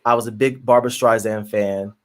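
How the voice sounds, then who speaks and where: A man's voice: fairly low pitch, steady tone, normal speed. A man co-hosting a podcast in casual chat, effusive and full of fillers and restarts. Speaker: podcast co-host.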